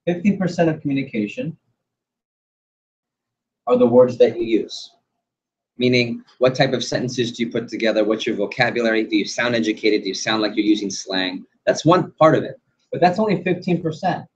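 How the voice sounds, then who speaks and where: A man running a sales training class, animated and quizzing the group with questions. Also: mid-range voice, brisk. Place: training room. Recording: dull lo-fi recording.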